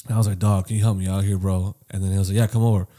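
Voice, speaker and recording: A man co-hosting a casual podcast, telling a long story with lots of swearing, swinging between loud and quiet. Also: deep voice, very fast. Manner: profane, animated storytelling that swings loud and soft. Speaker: podcast co-host.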